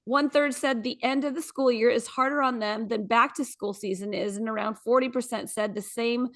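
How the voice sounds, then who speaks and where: A woman's voice: fairly high pitch, fairly even intonation, normal speed. A woman co-hosting a morning show, chatting casually in a bubbly, giggly way. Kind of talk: casual chat.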